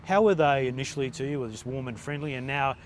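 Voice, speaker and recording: A male interviewer with a mid-pitched voice, asking casual, meandering questions. Traffic hums faintly behind him outdoors. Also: quick pace.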